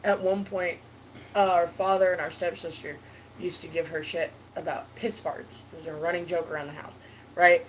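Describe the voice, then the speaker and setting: A woman streamer with a worn, raspy voice, chatting casually and telling family stories with lots of laughter. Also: fairly low pitch, normal speed, slight background noise. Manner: animated storyteller, laughs a lot. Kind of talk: casual chat.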